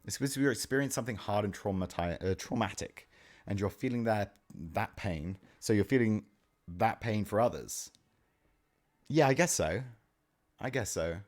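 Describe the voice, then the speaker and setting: A man's voice: fairly low pitch, animated, moderate pace. A young man streaming live, chatting casually with his chat, answering questions and swearing offhand. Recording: faint music in the background. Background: faint music.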